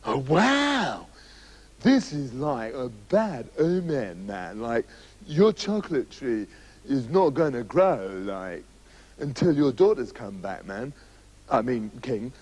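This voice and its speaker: A spaced-out hippie court magician drawls, vague and dreamy, as a man puts him on. The voice is husky and sinks low and slow. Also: sing-song, darkish tone, full character voice. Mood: dazed.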